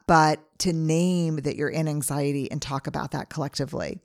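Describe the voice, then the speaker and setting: A podcast host in her forties speaks in a low, steady voice. Her monologue is earnest and conversational, and she slows down whenever she wants to stress a point.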